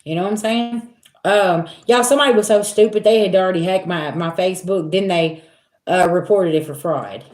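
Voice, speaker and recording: A woman with a lowish voice and a Black hosts a spiritual livestream from home. She talks straight to her viewers, animated and direct, and keeps coming back to "listen" and "okay". The sound is roomy and echoey. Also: brisk. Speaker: spiritual reader. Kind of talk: casual livestream chat.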